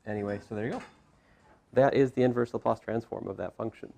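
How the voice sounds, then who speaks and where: Low gravelly-voiced man lecturing. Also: fast talker, warm tone. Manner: talks through steps with frequent asides and restarts. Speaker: math professor. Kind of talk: classroom lecture. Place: classroom.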